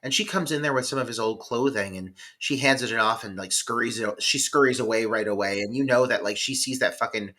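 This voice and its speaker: A man's voice: mid-range voice, fairly quick, few pauses, sharp tone. A man co-hosting a podcast, chatting casually about a film in a rambling, profane way, full of "like" fillers. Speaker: podcast co-host. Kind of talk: casual film review chat.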